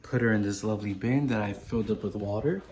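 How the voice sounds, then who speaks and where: A man's voice: lowish voice, fast talker, a little mellow, slight background noise. Chatty man filming on his phone. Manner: rambling, chatty, self-correcting. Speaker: vlogger and reptile keeper. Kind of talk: casual walkthrough vlog. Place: indoor room with reptile tanks. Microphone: handheld phone.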